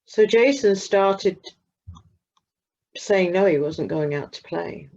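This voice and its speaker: A woman narrating a children's story slowly and expressively, leaning into pauses. Her voice is husky with a gravelly edge. The recording sounds dull and lo-fi. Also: mid-range voice. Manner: slow, expressive, dramatic pauses. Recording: muffled lo-fi recording.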